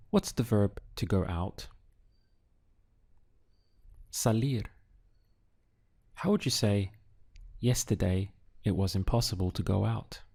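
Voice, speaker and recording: Slow, patient male Spanish tutor. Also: fairly low pitch, dark tone. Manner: slow, patient drilling with pauses. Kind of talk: slow audio language lesson.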